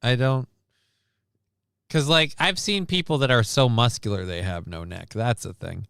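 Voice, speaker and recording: A man hosting a live stream who wanders off into sarcastic, rambling asides about the news. His voice is smooth and clean, and he sits close to the mic in a completely dead, dry space with no room sound. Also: medium pitch, unhurried, fairly bright tone, no echo. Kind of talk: casual news commentary.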